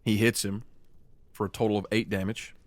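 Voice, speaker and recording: Low-voiced man running a tabletop game. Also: flat delivery, background noise. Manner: slows down for dramatic scene narration. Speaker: game master.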